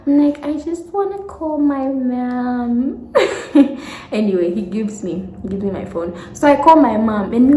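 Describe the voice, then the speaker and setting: A woman in her twenties telling a story to camera in a vlog, animated, acting out the people she quotes and laughing often. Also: mid-range voice, echoey room. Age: 20s. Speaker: vlogger.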